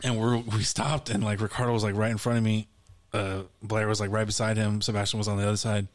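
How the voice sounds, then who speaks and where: A man's voice: on the low side, level tone, fast. Rambling laid-back male podcaster. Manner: rambling, loose storytelling with many fillers. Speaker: podcast co-host. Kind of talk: casual chat.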